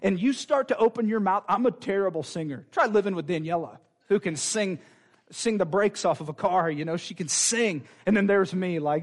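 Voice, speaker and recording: Man preacher, high voice, fervent and chatty, sermon delivery. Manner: fervent, conversational preaching with quick asides.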